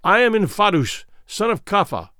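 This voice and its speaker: A man voicing a cautious, wary old tribal elder who speaks gravely and pleads. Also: high-pitched, sing-song, moderate pace, sharp tone, dry recording, clean studio sound, voice pushed up, full character voice. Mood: relieved.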